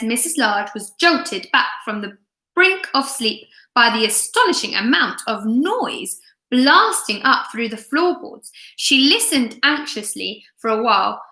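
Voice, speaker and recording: A woman reading a storybook aloud to young children in an expressive manner, chatting with her viewers between lines. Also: on the high side. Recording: echoey room.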